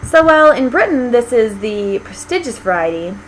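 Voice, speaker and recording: A woman's voice: a little high, big pitch swings, normal speed, slight background noise, poor audio. American woman lecturing with many ums. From United States. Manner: explanatory, many ums and restarts. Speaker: linguistics lecturer.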